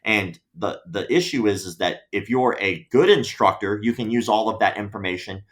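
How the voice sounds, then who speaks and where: Animated man telling stories. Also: fairly low pitch, moderate pace. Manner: animated storyteller, acts out quoted voices. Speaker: podcast guest. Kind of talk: casual interview chat.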